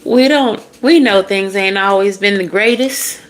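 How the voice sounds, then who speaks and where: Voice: mid-range voice, unhurried, voice pushed up, lightly acted. A tarot reader putting on a guilt-tripping family member with a country accent, pleading with someone not to leave.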